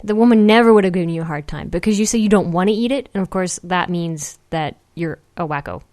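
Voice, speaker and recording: A woman's voice: on the low side, fast talker, darkish tone. A woman co-hosting a podcast, chatting casually and agreeably with her co-host. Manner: laughing, agreeable. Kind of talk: casual talk show chat.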